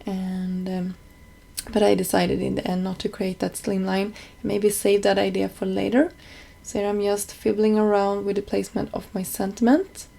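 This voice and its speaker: A woman's voice: medium pitch, flat delivery, moderate pace, vocal fry, warm tone. A woman narrating a card-making tutorial as a voice-over, explaining each step plainly with small slips.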